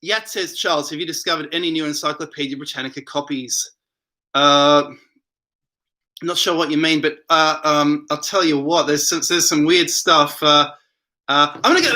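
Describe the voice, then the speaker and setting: A man's voice: fairly high pitch, normal speed, sharp tone. A man hosting a casual late-night livestream from home, reading viewer comments aloud and rambling in reply. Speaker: livestream host reading chat.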